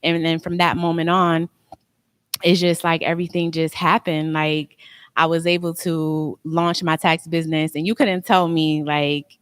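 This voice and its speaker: A woman's voice: sits low, little pitch movement, a little slow, a bit bright, smooth. A young adult woman, a tax business owner, telling a personal story in an interview, earnest and emotional, with many "like"s. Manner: emotional, earnest, heavy use of "like".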